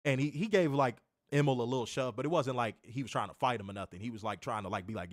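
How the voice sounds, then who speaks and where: A man's voice: mid-range voice, fast, hardly any pauses, dry recording, clean studio sound. A man hosting a wrestling show, telling a story in a casual, rambling way. He repeats himself, corrects himself and swears.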